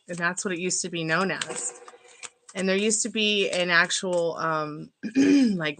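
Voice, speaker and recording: A woman's voice: lowish voice, background noise. A woman giving a live-stream tarot reading, chatty and rambling and laughing often. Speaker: tarot reader. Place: at home.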